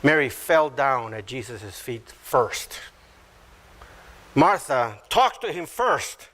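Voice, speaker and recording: In his sermon, the pastor works slowly through the text one verse at a time. When quoting others he gets animated, voicing them with abrupt high-pitched jumps.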